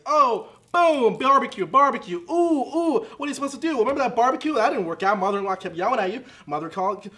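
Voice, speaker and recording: A man playing a fast-talking infomercial pitchman whose rambling salesman patter, full of "okay?", keeps sliding into bitter rants about his marriage. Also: a bit bright. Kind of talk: comedic infomercial parody.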